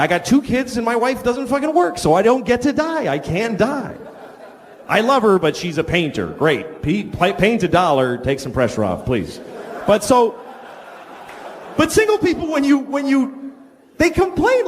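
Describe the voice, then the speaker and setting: A man's voice: very high-pitched, slight background noise. A married father doing stand-up comedy, blunt and profane, with hesitant filler words. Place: stage in a comedy venue. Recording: long hall reverb on stage.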